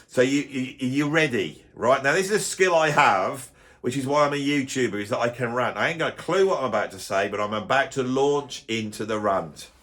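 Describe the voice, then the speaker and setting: A man's voice: mid-range voice, animated, a little fast, a bit bright, close to an everyday voice. A middle-aged man playing a bitter, grumpy music snob in a blustering comic rant, grumbling and stumbling over his restarts. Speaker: YouTuber doing a comic character.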